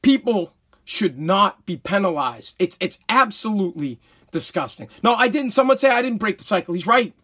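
High-voiced man ranting, profane and loud. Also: big pitch swings, normal speed. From United States. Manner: heated, profane, repetitive ranting; shouts at peaks, stumbles and restarts. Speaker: podcast host. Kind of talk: ranting live-stream podcast monologue.

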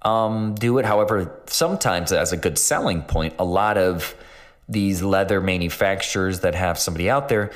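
Low-voiced man explaining casually. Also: moderate pace. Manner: rambling, filler-heavy, self-mocking. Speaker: podcast host.

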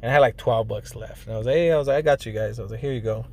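Talking rapid-fire in a medium-pitched voice, a young man tells a personal story. He's casual, profane and full of slang and fillers like "like" and "you know," and he mixes Spanish phrases into his English.

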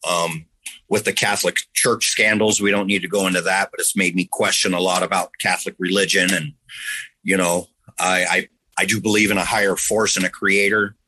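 A man's voice: low-pitched, flat delivery, a little fast, sharp tone, a little hiss or hum, low-quality recording. A man earnestly telling a personal story in a rambling, conversational way, now and then making sound effects.

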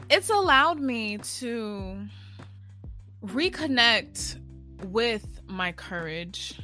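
Breathless young woman podcaster, exuberant and slangy, bright voice, unhurried delivery. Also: a little high. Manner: energetic, exuberant, slangy, laughs often. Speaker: podcast host and spiritual healer. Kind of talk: casual solo podcast monologue.

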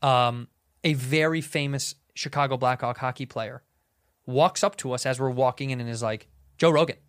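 A man's voice: mid-range voice, steady tone, normal speed, fairly bright tone, clear, resonant tone, dry recording, clean studio sound. A middle-aged man co-hosting a podcast in casual chat, telling anecdotes and acting out quotes. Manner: chatty, acts out quotes in stories. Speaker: podcast co-host.

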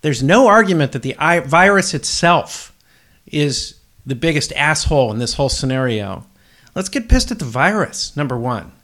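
A man's voice: a little high, expressive, normal speed, a bit bright. A man hosting a solo podcast, rambling bluntly and swearing freely. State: up before dawn, tired. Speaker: podcast host.

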